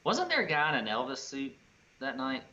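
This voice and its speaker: A man co-hosting a casual sports podcast, reacting in short bursts. His voice is bright and swings widely in pitch. He sounds set back from a dull, lo-fi mic with a faint hiss behind him. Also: huge pitch swings, a little fast, distant mic. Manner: brief interjections and reactions. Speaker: podcast co-host.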